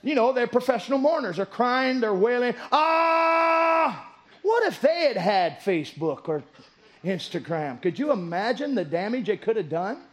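A man preaching a sermon, moving between low storytelling and shouted exhortation. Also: big pitch swings, moderate pace.

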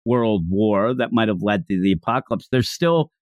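A man co-hosting a casual chat about a story he is reviewing. He is animated and acts out the scenes in funny voices. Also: fairly low pitch, moderate pace, dry recording, lo-fi sound. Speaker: podcast co-host.

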